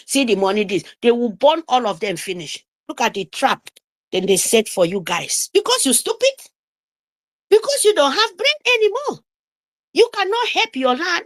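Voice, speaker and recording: A woman with a Nigerian accent giving an impassioned, scolding political speech over an online call, repeating phrases for emphasis. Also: fairly high pitch. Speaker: speaker on an online group call. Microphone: remote call microphone.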